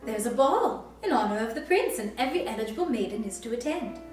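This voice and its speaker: A stern stepmother snapping out orders in a loud, clipped, commanding voice, as a woman reads her part aloud. The voice is fairly high and sounds a little distant in an echoey room, with soft music underneath. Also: expressive, fast, natural voice. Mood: bossy. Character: stern bossy stepmother, middle-aged woman.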